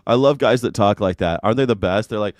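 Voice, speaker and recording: This livestream host speaks quickly in a lowish voice, cursing freely as he chats with viewers on his casual reaction show. The audio is studio clean, with no room sound.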